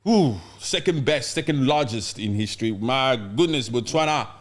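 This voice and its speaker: Guy hosting a podcast, lively and jokey, acts out little bits. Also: medium pitch, normal speed. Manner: animated, acts out mock scenes with playful voices. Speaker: podcast host. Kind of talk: casual podcast chat.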